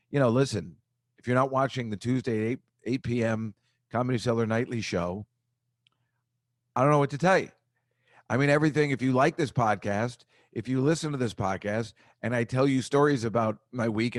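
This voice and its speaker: A man hosting his own podcast rambles through a casual, self-deprecating comic monologue, shifting his pitch a lot. It's recorded with studio quality and no echo.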